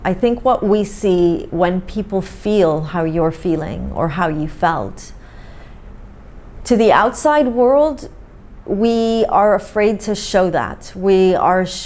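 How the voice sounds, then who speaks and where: A woman hosting an interview, speaking in a gentle, reflective way. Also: mid-range voice. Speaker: host. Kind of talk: supportive interview talk.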